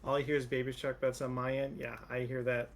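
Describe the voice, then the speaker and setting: A man streaming a game with a friend, chatting in a relaxed, rambling way and swearing freely. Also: mid-range voice, fast talker. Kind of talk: casual gaming chat.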